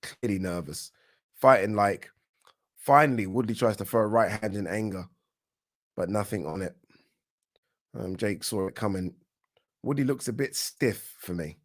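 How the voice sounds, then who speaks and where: British guy doing a live fight watch-along, kinda low voice, chatty, trips over his words. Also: moderate pace, long pauses. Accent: British English. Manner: casual, chatty, repeats and restarts words while reacting. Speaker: boxing channel host.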